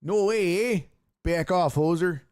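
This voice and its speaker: A man voicing a gruff Canadian hoser with a Canadian accent, barking blunt, mocking catchphrases. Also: high-pitched, measured pace, a little mellow, dry recording, studio quality, pitched above the performer's own voice.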